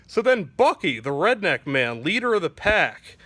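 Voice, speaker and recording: Bright-voiced rambling male comedian. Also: high voice, very animated, normal speed, hardly any pauses, dry recording. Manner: rambling, filler-heavy, crude.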